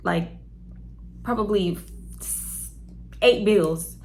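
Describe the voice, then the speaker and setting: A young woman vlogger telling a story in a blunt, profane, animated way. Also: mid-range voice, very slow, gravelly, a little hiss or hum. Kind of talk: casual storytelling.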